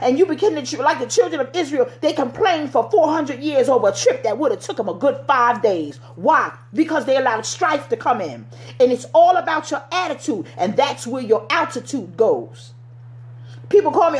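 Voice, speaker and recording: A middle-aged woman delivers a fervent sermon in a high, bright-pitched voice. She exhorts her listeners directly and slides into casual vernacular phrasing. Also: lively intonation, normal speed. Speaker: preacher.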